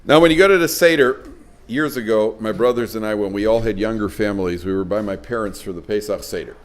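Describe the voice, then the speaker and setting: A man's voice: on the low side, fast. A man speaking as a rabbi, giving a lecture to a live audience, telling stories with humor and acting out the voices he quotes. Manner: storytelling, animated, acts out quoted voices; warm, joking with listeners. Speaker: rabbi giving a parenting talk.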